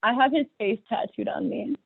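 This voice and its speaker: A young woman rapper chatting casually as a podcast guest, excitable and profane, laughing often. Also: a little high, a little fast, gravelly, slightly rough, no room sound. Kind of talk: casual chat. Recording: dry tinny phone-like audio.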